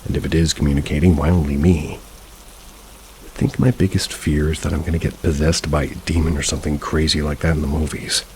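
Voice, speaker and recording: Deep gravelly narrator for creepy tales, steady read, soft rain behind. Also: male voice, a little fast, slight background noise, rough recording. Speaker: horror story narrator. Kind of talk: scripted narration of reader stories.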